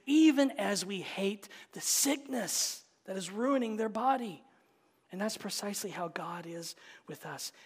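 A male pastor preaching a sermon, swinging between forceful emphasis and hushed whispers. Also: sits high, big pitch swings, a little slow, husky. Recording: long reverb of a large hall.

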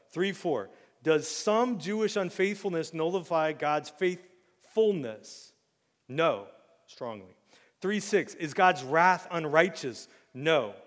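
A man preaching a sermon in a casual, joking way, with sudden loud acted outbursts. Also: on the high side, big-room sound. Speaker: pastor. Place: church sanctuary.

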